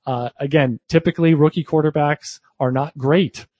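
A man's voice: on the high side, fairly even intonation, normal speed, dry recording, highs cut off. A man co-hosting a fantasy football show, chatting casually with lots of fillers and restarts. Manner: talkative, frequent fillers and restarts. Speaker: podcast co-host.

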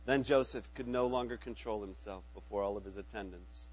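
A man reading a Bible passage aloud in a steady, earnest way, with small slips now and then. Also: medium pitch, quick pace, breathy edge, dull audio. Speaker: scripture reader.

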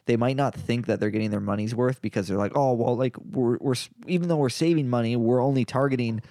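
A man's voice: mid-range voice, quick pace, mellow, no room sound, clean studio sound. A young man co-hosting a casual podcast, laid-back and rambling, full of "like" fillers. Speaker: podcast co-host.

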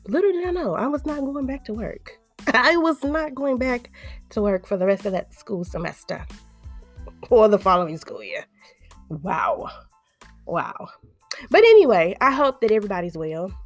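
Chatty woman podcast host in her 30s, playful and jokey, some faint music behind. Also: mid-range voice. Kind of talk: casual chat.

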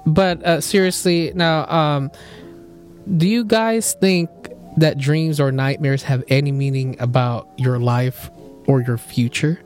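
A man's voice: on the high side, takes it slowly, soft background music. A young man hosting a podcast, animatedly telling a dream story with laughs, casual chat among friends. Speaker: podcast host.

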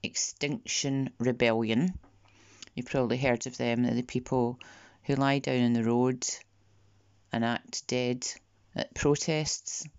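A woman delivering a podcast monologue in a slow, deliberate way, sometimes dropping to a near whisper. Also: extremely low pitch, darkish tone, clear, resonant tone, dry recording. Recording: dull, lo-fi dry recording.

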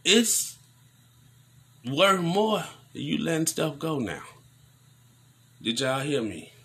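A man giving casual news commentary on a vlog, preaching in animated rants full of slang. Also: a little high, takes it slowly, husky.

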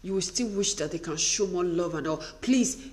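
A woman's voice: fairly low pitch, normal speed, a little mellow. A woman giving an earnest, emphatic, faith-based motivational talk to wives. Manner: earnest, emphatic, repetitive exhortation.

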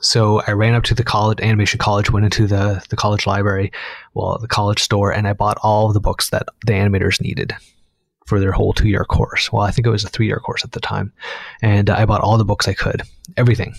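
A man from eastern Canada, an animator, telling his career story in a rambling, animated way, full of "like" and acted-out quotes. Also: on the low side, brisk, creaky, no room sound. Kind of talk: casual storytelling chat.

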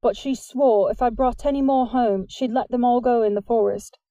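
A woman voicing a gentle, earnest teenage boy. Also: on the high side, steady tone, moderate pace, no echo, close to an everyday voice. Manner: soft, polite, earnest. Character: gentle teenage boy who loves hurt animals.

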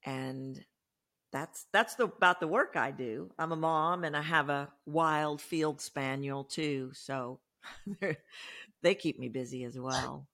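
A woman's voice: low-pitched, slow, fairly bright tone. Enthusiastic woman voice expert. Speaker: guest, voice expert. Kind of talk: casual interview talk.

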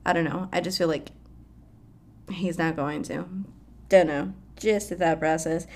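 A woman's voice: sits low, fairly even intonation, unhurried, pauses often, darkish tone. A young woman hosting a casual pop culture chat, swearing freely and laughing often. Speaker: pop culture podcast host. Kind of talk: casual celebrity news chat.

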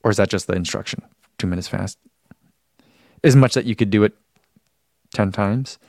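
A man's voice: lowish voice, normal speed, gravelly, darkish tone, no echo, studio quality. A man hosting a running live stream, chatting casually, reading out viewer comments and rambling with self-deprecating laughs.

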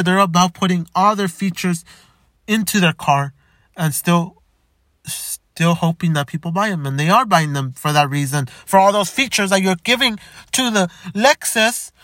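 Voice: medium pitch, a bit bright, no echo, clean studio sound. A car vlogger ranting in exasperation, often stumbling, restarting sentences and repeating "come on.". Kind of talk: opinion rant to camera.

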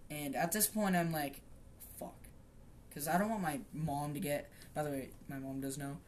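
A man's voice: on the high side, fairly even intonation, a little fast, slight background noise. Rambling, swearing young man telling a story. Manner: rambling, profane, self-interrupting with fillers. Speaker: podcast host. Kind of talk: casual storytelling.

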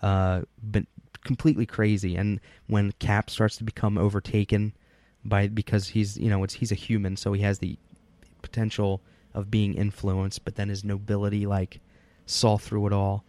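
A man's voice: on the low side, completely flat delivery, moderate pace, mellow, no room sound. A man in casual podcast chat, reviewing a comic book in a rambling way, with many fillers and easy laughter. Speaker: podcast co-host.

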